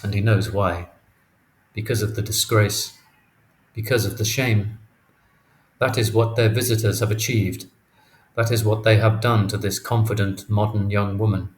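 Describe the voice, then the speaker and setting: A man reading a novel aloud as audiobook narrator, in a steady, even reading. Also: lowish voice. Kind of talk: scripted narration. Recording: echoey room, faint noise.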